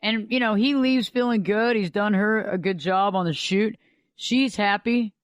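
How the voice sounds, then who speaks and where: A woman's voice: medium pitch, measured pace, no room sound. Dry-voiced woman telling stories on radio. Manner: conversational, repeats "think about" to make points. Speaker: life coach and radio host. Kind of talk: storytelling talk-show monologue.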